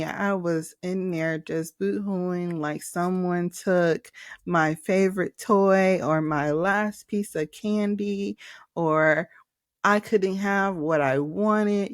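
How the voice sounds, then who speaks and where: A woman, hosting a podcast and telling a personal story in an emotional, animated way, calling listeners "y'all". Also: lowish voice, no room sound, clean studio sound. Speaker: podcast host and trauma coach.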